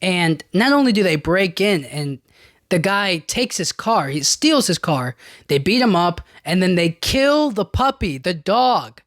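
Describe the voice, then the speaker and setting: A young man talks through a film in a loose, rambling podcast monologue, full of filler words and exasperated asides. His voice sits a bit high for a man. The sound is close and dry. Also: sing-song, a little slow, fairly bright tone, no echo. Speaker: podcast host. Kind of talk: casual movie review monologue.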